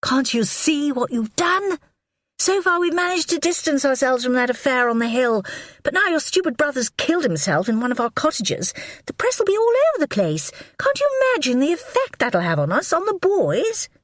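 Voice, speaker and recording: A woman narrator puts on a brittle, scornful upper-class wife in an audiobook, her voice pitched well up and swinging wildly. She sounds shrill and contemptuous, and the recording is close and dry. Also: big pitch swings, moderate pace, a bit bright, no room sound. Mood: scolding. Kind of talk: audiobook character voice.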